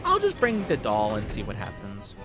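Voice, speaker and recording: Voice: mid-range voice, huge pitch swings, moderate pace, music in the background. Giggly streamer rambling thru a game, laughing at themself, talking to chat. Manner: giggly, self-mocking, talks to chat. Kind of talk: casual gameplay commentary.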